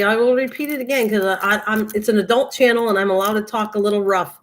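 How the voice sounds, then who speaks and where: A woman's voice: a little high, a little fast, few pauses. An older woman hosting a casual craft livestream, chatting in a rambling way and laughing often as she talks to viewers by name.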